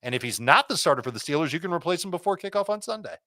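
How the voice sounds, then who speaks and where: A man giving quick, confident fantasy football start and sit advice, rattling off picks one after another. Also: fairly high pitch, expressive, sharp tone, dry recording.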